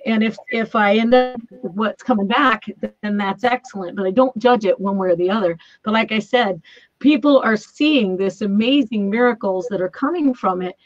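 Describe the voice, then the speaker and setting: A woman's voice: medium pitch, moderate pace, dry recording. A woman telling a spiritual story in a casual chat over a remote call, laughing often and acting out the voices she quotes. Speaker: guest. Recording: dull lo-fi remote call audio.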